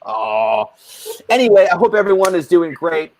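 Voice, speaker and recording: A man's voice: high voice, sing-song, normal speed, a little mellow, a little hiss or hum. Playful rambling male panel host. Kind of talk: casual live-stream support group hosting.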